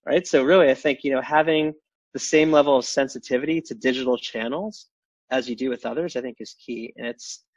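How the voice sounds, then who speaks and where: A man's voice: medium pitch, steady tone, no echo, lo-fi sound. A man speaking as a podcast guest in casual chat, stumbling over restarts and fillers. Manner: halting, many restarts and fillers.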